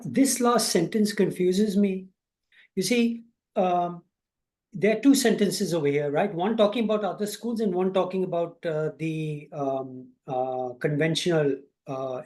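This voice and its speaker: Male student, halting and searching for words, pushing a question to the teacher. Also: high-pitched, a little mellow. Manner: hesitant, many fillers and restarts, pressing a question. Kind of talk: asking questions in class.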